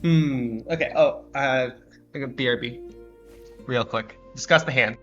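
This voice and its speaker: Bright-voiced man rambling through gameplay. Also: mid-range voice, unhurried, lo-fi sound, faint music behind. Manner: rambling, self-correcting, dry sarcasm. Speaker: streamer playing a card game. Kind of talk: casual gameplay chat.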